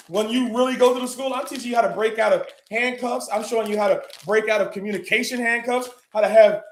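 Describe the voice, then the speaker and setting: A man's voice: high-pitched, echoey room. A man hosting a live online session, talking bluntly and boastfully, swearing often. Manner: profane, boastful, blunt, with bursts of laughing and shouting. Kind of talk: brash motivational talk.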